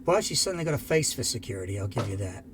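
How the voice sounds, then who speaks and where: A man voicing a gruff, put-upon middle-aged male mining security chief who swears freely. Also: mid-range voice, sing-song, rapid-fire, slight background noise, lightly acted. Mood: sardonic.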